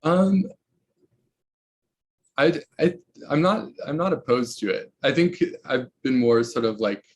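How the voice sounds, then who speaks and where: A man's voice: medium pitch, lively intonation, slow, pauses often. A young man speaking as a researcher in an academic interview, hesitant, with many fillers and restarts. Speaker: researcher guest.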